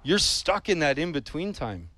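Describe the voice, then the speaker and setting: A man's voice: on the high side, big pitch swings, normal speed, fairly bright tone, no echo. A man preaching a sermon in an earnest, emphatic way, repeating his points and asking rhetorical questions of the congregation.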